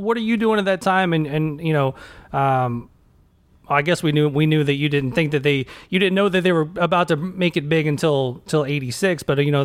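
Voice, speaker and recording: A man's voice: fairly high pitch, no room sound. Man host asking rambling questions. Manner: long rambling questions with many fillers. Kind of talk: podcast interview.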